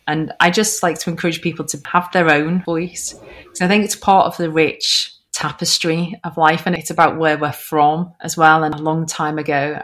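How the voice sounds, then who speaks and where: A woman with a notably low voice speaks as a podcast guest. She is earnest and thoughtful, pausing with small fillers as she works through her points. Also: fairly bright tone. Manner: earnest, thoughtful, slightly hesitant. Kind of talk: conversational interview.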